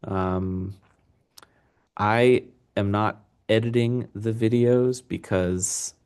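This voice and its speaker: A young male teacher with a low voice talks students through exam answers in an unedited recorded lesson. He rambles casually and fills pauses with ums and uhs. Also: fairly even intonation, a little mellow, clean tone. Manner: rambling, casual, with many fillers.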